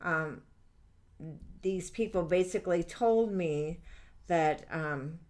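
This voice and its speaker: A middle-aged woman with a lowish voice hosts a live angel-reading stream, taking things slowly as she reads out viewer comments. She chats candidly and rambles, with lots of fillers, and the recording is very noisy.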